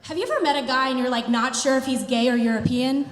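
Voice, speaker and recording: A woman in her thirties performing a stand-up comedy routine, telling an animated story with playful put-on quotes. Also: sits high, fast, noisy background. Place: theater stage before a live audience. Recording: reverberant hall with faint ambience.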